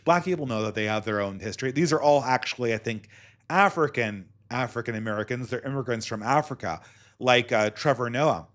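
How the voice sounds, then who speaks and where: Male podcast host, solo commentary, sardonic and polemical, average pitch. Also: a bit bright.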